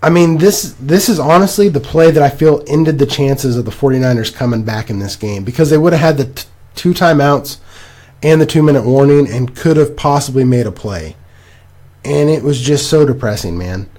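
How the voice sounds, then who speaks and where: A young man co-hosting a casual podcast, rambling and animated as he recaps games. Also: medium pitch, moderate pace. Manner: animated, rambling, laughs at himself. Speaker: podcast co-host. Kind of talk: casual fantasy football chat.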